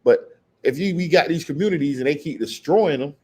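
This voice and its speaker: A man leading a casual scripture study, talking loosely and reading Bible verses slowly and deliberately. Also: on the high side, dark tone, slightly rough. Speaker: Bible teacher.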